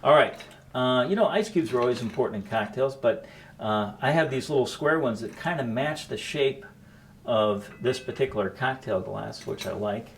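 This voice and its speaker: A man's voice: mid-range voice, normal speed, gravelly. Middle-aged guy walking through a drink recipe, laid back, lots of "you know", bit of room hum. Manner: relaxed, explanatory, chatty with fillers. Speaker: host making a coffee cocktail. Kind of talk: casual cooking demo chat.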